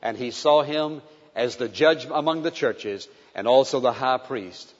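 A man preaching a sermon with passion, moving between emphatic declarations and hushed, tender passages. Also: medium pitch, unhurried. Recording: dull lo-fi recording with long hall reverb.

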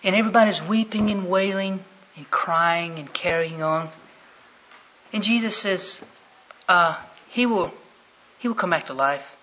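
High, bright-voiced male preacher. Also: measured pace, pauses often, a little hiss or hum. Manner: dramatic swings from hushed to loud. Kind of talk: sermon. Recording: dull lo-fi recording.

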